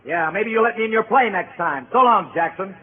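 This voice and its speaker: A man's voice: high-pitched, expressive, brisk, noisy background. A man playing a brash salesman turned gunman in a 1930s radio comedy. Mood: cocky. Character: brash traveling salesman turned gunslinging robber. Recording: tinny 1930s radio broadcast.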